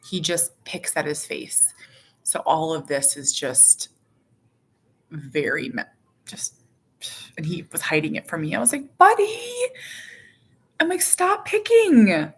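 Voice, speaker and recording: A woman's voice: low voice, fairly even intonation, measured pace, slightly rough. A woman casually vlogging about her busy family life, rambling and self-deprecating, with lots of fillers. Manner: chatty and rambling, with many fillers, self-deprecating asides and acted quotes. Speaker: vlogger and mother. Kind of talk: casual personal vlog chat.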